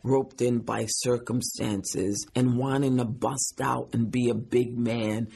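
Gravelly, husky man. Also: mid-range voice, fairly even intonation, darkish tone. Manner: measured, thoughtful. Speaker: actor being interviewed. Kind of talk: interview answers.

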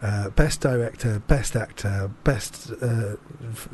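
A man hosting a casual chat, rambling and animated, swearing freely as he talks. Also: lowish voice, takes it slowly, a little hiss or hum. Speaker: podcast host.

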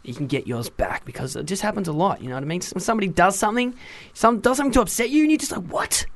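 A man hosting a casual radio show, chatting and telling animated stories to his co-host. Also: high-pitched, racing, vocal fry.

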